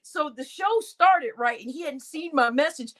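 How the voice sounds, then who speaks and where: High, animated woman gossiping on a livestream. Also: normal speed. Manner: animated, laughing often, loud exclamations. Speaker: livestream host. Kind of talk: casual gossip chat.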